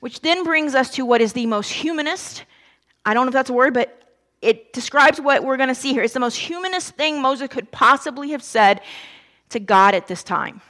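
A woman delivers a sermon in a relaxed, conversational style, telling the story with lively asides to her listeners. Her voice sits a little high and she speaks at normal speed.

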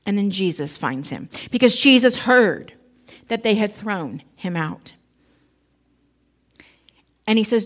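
A woman's voice: medium pitch, lively intonation, takes it slowly, long pauses. A woman preaching a sermon in a conversational storytelling way, acting out the voices of the people in the story.

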